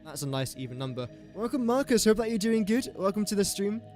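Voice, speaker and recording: A man's voice: high voice, big pitch swings, fast, a little mellow, soft background music. A man chatting on a game live stream, thinking aloud through sums and joking with viewers. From England. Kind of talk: casual live-stream chat.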